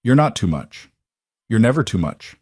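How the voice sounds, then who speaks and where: A man voicing a calm, steady single father in a narrated story, speaking in a reassuring way. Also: lowish voice, moderate pace, dry recording, clean studio sound.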